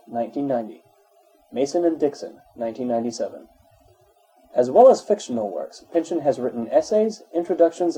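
A man reads an encyclopedia article aloud in a steady, even way. His tone is very dark and mellow, with a husky grain. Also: mid-range voice, rough recording. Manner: steady, even reading, spells out dates in full. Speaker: narrator.

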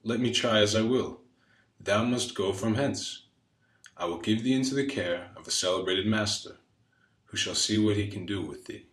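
A man's voice: on the low side, normal speed, fairly bright tone, close to an everyday voice. A man voicing a stern old count who speaks in archaic commands and flies into rages, in a roomy space. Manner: archaic, commanding, thundering when angry.

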